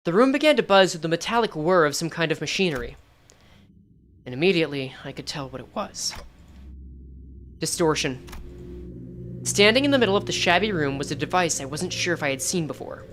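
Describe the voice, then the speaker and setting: A woman's voice: low-pitched, expressive, brisk, pauses often, a little hiss or hum. A woman streamer reading a game story aloud with chatty, reactive asides.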